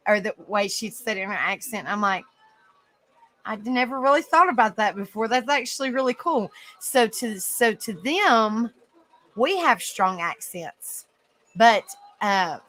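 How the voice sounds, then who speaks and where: A woman's voice: medium pitch, lively intonation, measured pace, a bit bright, poor audio. A woman hosting an open panel in casual chat, rambling with lots of fillers and frequent giggles.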